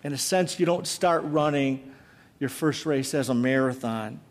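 A preacher telling a story in a hall. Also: male voice, mid-range voice, a little slow. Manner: dramatic retelling, then earnest exhortation. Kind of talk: sermon storytelling. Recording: long hall reverb.

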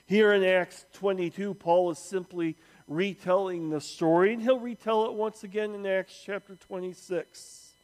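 A man preaching a sermon, slow and emphatic, with dramatic pauses and acted-out quotes. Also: sits high, steady tone, darkish tone.

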